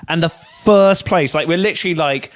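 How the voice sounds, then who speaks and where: Young british guy, higher voice, podcast banter, sweary and teasing. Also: normal speed. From Britain. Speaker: podcast co-host. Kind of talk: casual chat.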